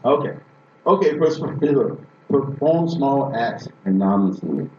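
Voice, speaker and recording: A man from Boston preaches a sermon, telling stories emphatically and restarting with frequent repetitions. His mid-range voice is expressive and a little slow. The recording is echoey, distant, and dull, with slight background noise.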